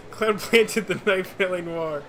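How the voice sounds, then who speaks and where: A man's voice: high voice, slow, fairly bright tone. A man streaming a video game, joking and rambling to his viewers in casual commentary. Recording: game music playing behind.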